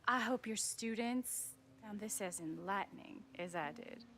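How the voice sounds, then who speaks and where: A woman's voice: mid-range voice, measured pace, fairly bright tone, slight background noise. An actress voicing an aloof, theatrical young woman stranger with an affected, odd-accented delivery, in video game dialogue. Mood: mannered.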